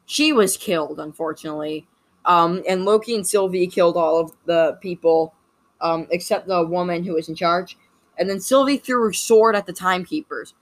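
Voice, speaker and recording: A woman casually recapping a series, rambling, with constant "like" fillers and self-corrections. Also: lowish voice. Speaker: video host recapping a series.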